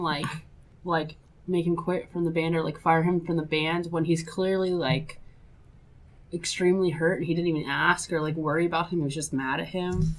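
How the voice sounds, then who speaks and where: A woman's voice: lowish voice, low-quality recording. A young woman guesting on a casual podcast, talking indignantly and saying "like" a lot. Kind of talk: casual chat.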